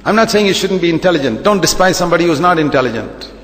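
A man preaches with emphatic repetition and pointed rhetorical questions. His voice sits a touch high for a man. It rings out with a long reverb through a church hall. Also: expressive, rapid-fire, a bit bright. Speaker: pastor. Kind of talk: sermon.

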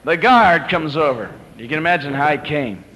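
A man's voice: fairly high pitch, lively intonation, normal speed, rough recording. Dramatic male preacher at a convention. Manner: dramatic storytelling, swings from hushed to climactic. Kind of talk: sermon.

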